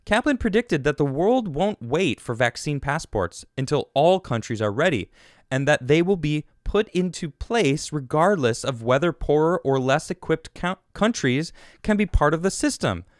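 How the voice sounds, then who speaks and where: A man's voice: fairly high pitch, sing-song, moderate pace, no room sound, studio quality. A man hosting a podcast, giving casual, sarcastic commentary on news clips and reading quotes aloud to mock them. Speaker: podcast host.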